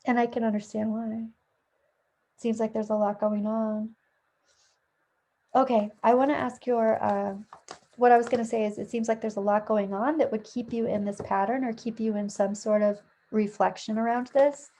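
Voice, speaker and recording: Mellow-voiced woman giving a tarot reading. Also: fairly high pitch, steady tone, moderate pace. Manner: chatty, thinking aloud with fillers and self-corrections. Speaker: tarot reader. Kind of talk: casual spoken tarot reading. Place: at home with a dog nearby.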